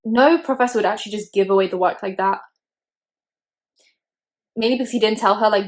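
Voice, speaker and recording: A young woman hosts a casual movie reaction video on YouTube, speaking fairly quickly in a medium-pitched voice broken by long pauses. She's chatty and opinionated, using "like" a lot.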